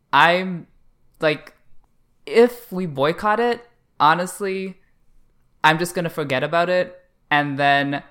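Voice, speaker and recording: A podcast co-host from Canada, talking through ideas thoughtfully with many fillers and pauses. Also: mid-range voice, fairly bright tone. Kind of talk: casual chat.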